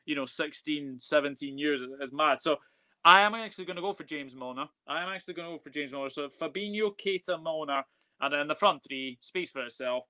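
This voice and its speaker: A man's voice: a little high, a little fast, bright, forceful tone. A man hosting a casual football live stream, upbeat and chatty as he reads out viewer comments. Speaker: football channel host.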